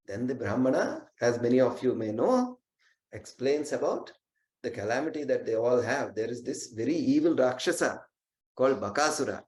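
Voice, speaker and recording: A man's voice: mid-range voice, darkish tone. Earnest male storyteller, roomy echo. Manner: earnest, with chanted verses. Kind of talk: devotional storytelling with verse recitation.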